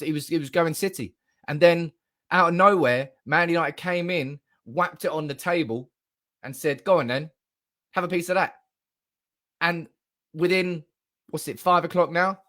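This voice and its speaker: A young man hosts a live fan stream, his voice sitting a little high. He is giddy and loud, swearing freely and laughing as he reads viewers' comments aloud into his desk mic. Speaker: fan channel livestream host. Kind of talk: excited live-stream reaction.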